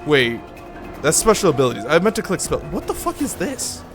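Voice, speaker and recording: A man's voice: a little high, wildly swooping pitch, fairly quick, soft background music. A young man streaming a game, chatting casually, swearing, laughing and drifting into tangents. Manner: laughing, profane, rambling. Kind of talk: casual gameplay commentary.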